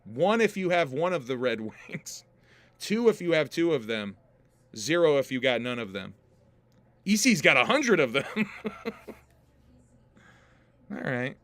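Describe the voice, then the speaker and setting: A man's voice: mid-range voice, big pitch swings, unhurried, pauses often, a bit bright, dry recording. A man hosting a casual livestream podcast, joking with his chat, laughing often and swearing freely. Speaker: podcast host and rapper.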